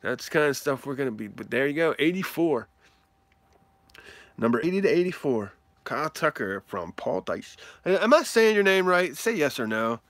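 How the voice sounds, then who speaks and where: A man's voice: a little high, normal speed, no room sound. A man streaming live, opening card mail and chatting with viewers, whooping and laughing often. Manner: animated, whoops and laughs often, talks to chat. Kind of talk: excitable live stream mail-day chat.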